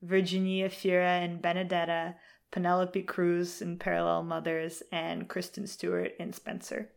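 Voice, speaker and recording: A woman's voice: lowish voice, level tone, moderate pace, gravelly. A woman co-hosting a casual film discussion, speaking in an emphatic, opinionated way. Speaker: podcast co-host.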